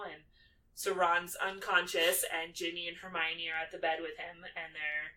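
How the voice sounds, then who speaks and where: Bright-voiced woman recapping a film casually. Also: on the low side, little pitch movement, normal speed. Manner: breezy, swears, acts out characters. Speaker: podcast co-host. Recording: distant mic, faint background noise.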